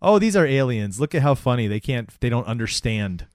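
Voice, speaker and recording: A man in his thirties with a mid-pitched voice whose intonation rises and falls a lot as he retells a show. He laughs often and drops into quick quoted voices. The recording is dry and close. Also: very animated, no room sound. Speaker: podcast co-host. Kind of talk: casual chat recapping a sitcom.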